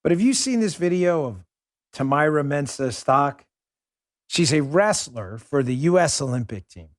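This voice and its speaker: A man's voice: a little high, lively intonation, moderate pace, no echo, studio quality. A man hosting a political commentary show, talking in a combative, ranting and mocking way. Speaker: host.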